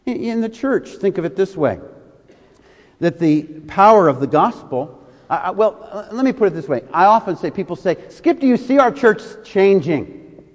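A man's voice: sits high, expressive, moderate pace, in a large hall. A male pastor preaching a sermon, leaning hard on key words and drawing them out for emphasis.

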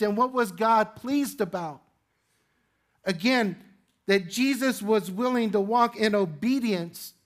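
A male pastor preaching to his congregation in a conversational way, with rhetorical questions and light humor. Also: sits high. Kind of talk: sermon. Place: church sanctuary with congregation.

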